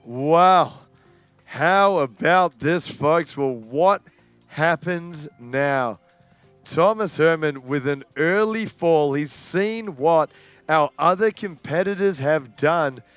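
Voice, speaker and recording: Excitable sports commentator, high voice. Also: male voice, smooth, dry recording. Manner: excitable, building to shouts on big moments.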